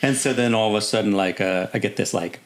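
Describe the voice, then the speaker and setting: A man's voice: on the low side, quick pace. A middle-aged man, an army officer as podcast guest, telling long casual anecdotes peppered with "you know" and acting out the voices in his stories. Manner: rambling anecdotes, many "you know" fillers, acts out voices in quotes. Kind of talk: casual storytelling.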